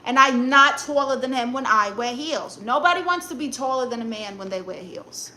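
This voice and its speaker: A woman's voice: high voice, expressive, sharp tone, slight background noise. A woman with a Brooklyn accent voicing a blunt, sassy aunt who reads viewer comments and gives dating advice on a live stream. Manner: blunt, sassy, quick comebacks.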